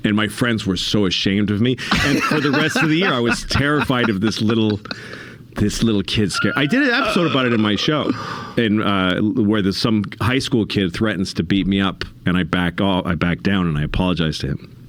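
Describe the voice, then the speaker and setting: Lively low-voiced man telling stories. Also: fairly quick, slight background noise. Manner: animated, self-mocking storyteller who laughs between lines. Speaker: podcast guest, comedian. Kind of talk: casual storytelling in conversation. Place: podcast studio.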